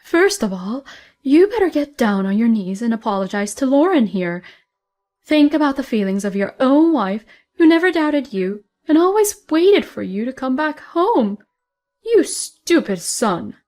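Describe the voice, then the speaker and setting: A woman voicing a stern, outraged older mother-in-law who scolds firmly and deliberately. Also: high-pitched, very animated, darkish tone. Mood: scolding.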